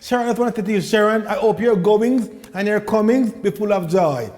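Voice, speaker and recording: A man from Jamaica with a Jamaican accent performing a stand-up comedy routine, swinging from low asides to loud punchlines. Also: moderate pace, long reverb tail.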